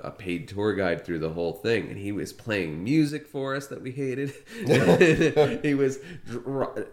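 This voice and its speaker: A man who runs a shop, chatting in a relaxed, rambling and sympathetic way. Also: lowish voice. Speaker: shop owner. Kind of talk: casual conversation. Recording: echoey room.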